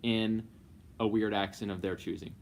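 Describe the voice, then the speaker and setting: A man's voice: on the low side, steady tone, normal speed, gravelly, slight background noise. A man co-hosting a live couple's Q&A, casual and teasing as he runs the chat. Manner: playful, teasing, running the stream.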